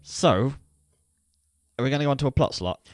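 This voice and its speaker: A man's voice: mid-range voice, lively intonation, normal speed, dry recording, studio quality. A man in his thirties co-hosting a podcast, chatty and rambling, laughing often. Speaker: podcast co-host. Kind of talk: casual podcast chat.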